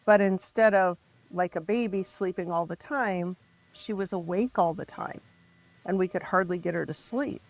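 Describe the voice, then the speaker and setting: A middle-aged woman telling her story as a podcast guest, raw and emotional, halting and restarting as she speaks. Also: lowish voice. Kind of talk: candid personal storytelling.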